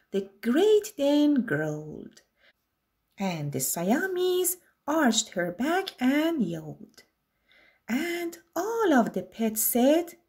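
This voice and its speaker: A woman's voice: fairly high pitch, darkish tone. A woman reading a rhyming children's picture book aloud in a sing-song way. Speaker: storyteller.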